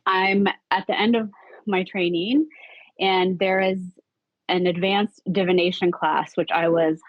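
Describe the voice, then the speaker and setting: Animated woman telling a story, lo-fi. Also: unhurried, no room sound. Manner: animated, acts out quotes with big pitch jumps, swears casually. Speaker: podcast guest. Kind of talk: casual storytelling. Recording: dull lo-fi recording.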